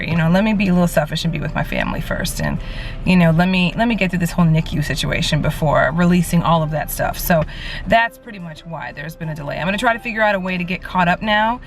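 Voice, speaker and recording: A woman's voice: lowish voice, expressive, quick pace, soft background music. A young woman talking casually to camera as a vlogger and new mother of twins, rambling with many fillers.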